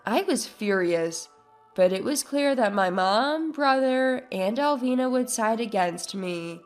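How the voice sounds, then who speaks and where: A woman tells a first-person story in a high, clear voice, taking her time over every line. Faint music plays beneath her measured narration. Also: expressive.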